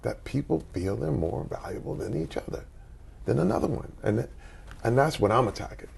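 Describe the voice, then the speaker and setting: A man in his forties, a guest in an interview, telling personal stories in an animated way and acting out quotes with big jumps in his voice. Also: medium pitch, moderate pace, creaky, slightly rough. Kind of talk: conversational storytelling.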